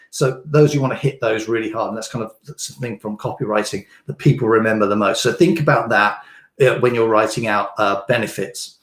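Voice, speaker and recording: A man's voice: mid-range voice, darkish tone. A man coaching a live online session, explaining casually with lots of fillers and restarts. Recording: roomy echo.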